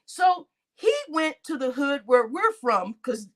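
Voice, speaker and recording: A woman vlogger giving casual commentary, telling stories in a slangy, animated way and often breaking into laughter. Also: high-pitched, unhurried. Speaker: vlogger reacting to news.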